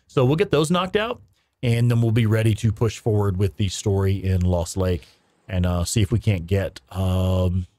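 A man's voice: medium pitch, a little mellow, dry recording. A man hosting a gaming livestream, chatting casually and laid-back, swearing freely and laughing along with his co-host.

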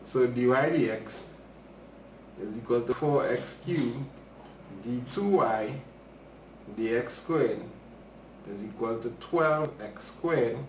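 A man's voice: medium pitch, slow pace, pauses often, distant mic, a little hiss or hum. A man teaching a live maths lesson, chatting casually with viewers as he works through problems. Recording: roomy livestream audio from off-mic.

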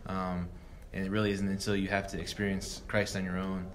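A man's voice: low-pitched, monotone, fairly quick, a little hiss or hum. A young man in his twenties, a guest sharing a personal faith story in a rambling, earnest way full of fillers. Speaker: guest, football player. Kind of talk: reflective personal testimony.

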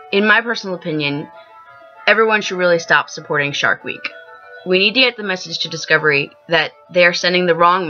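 A young woman vlogging an earnest, emotional rant she wrote as a script, stumbling and restarting now and then. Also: sits low. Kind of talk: scripted personal vlog rant. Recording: dull lo-fi with soft piano music. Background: soft piano music.

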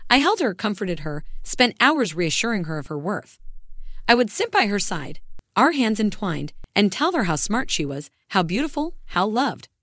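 A woman's voice: medium pitch, a bit bright, dry recording, studio quality. A woman narrating a first-person story in an emotional, scripted way.

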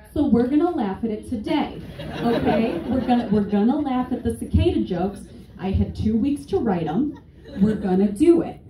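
A woman in her twenties doing a stand-up comedy set on stage, sarcastic, profane and conversational. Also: on the high side. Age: 20s. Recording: echoey room, distant mic, faint noise.

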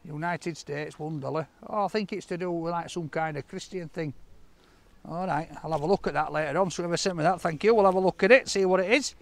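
A man, chatting excitedly to camera while he opens fan mail in a park, laughing often. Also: on the high side, a little fast. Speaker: food reviewer opening fan mail. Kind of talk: casual vlog chat to camera. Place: outdoors in a park.

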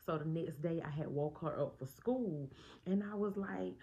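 A woman's voice: lowish voice, brisk, mellow. Chatty woman vlogger. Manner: chatty, addresses viewers directly. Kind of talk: casual chat to camera.

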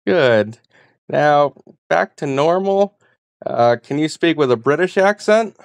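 Woman with a really deep smooth voice, short hesitant requests, dry close mic. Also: expressive, slow, a little mellow, no room sound. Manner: terse, hesitant commands with "uh". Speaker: user testing a voice assistant. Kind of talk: casual spoken requests.

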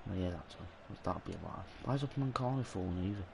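Exasperated guy with steady hiss behind. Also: sits low, quick pace, vocal fry. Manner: ranting, swearing, exasperated muttering. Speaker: gaming channel host. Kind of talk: live gameplay commentary.

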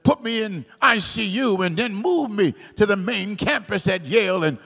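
A man preaching a sermon in a large church hall, in a sing-song cadence that climbs into shouts. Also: high-pitched, lively intonation, moderate pace, vocal fry, husky. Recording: long hall reverb.

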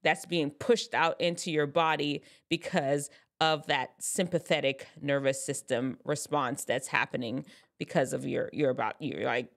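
Low-voiced woman explaining casually. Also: steady tone, a little slow. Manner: chatty, loose and self-correcting, slips into science terms. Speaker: advice vlogger.

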